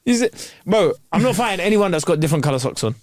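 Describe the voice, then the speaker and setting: A man holds forth on a podcast, his pitch sitting slightly high and swinging widely as he jokes. He swears freely and laughs through his own stories. The recording is dry and close. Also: quick pace, no room sound. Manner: animated, laughs a lot, swears freely, slangy. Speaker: podcast co-host. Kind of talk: casual banter.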